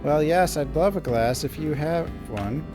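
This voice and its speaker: A man voicing a gentle, sweetly polite elderly woman prisoner in a game, raising his voice higher. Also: unhurried, music in the background, close to an everyday voice.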